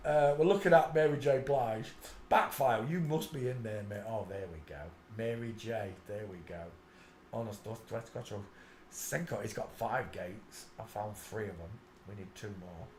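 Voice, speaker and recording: A man hosting a casual live stream, mocking what he sees on screen and mumbling to himself as he searches. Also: on the low side. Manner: mocking, laughs a lot, mutters to himself. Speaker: channel host. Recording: roomy echo with faint background noise.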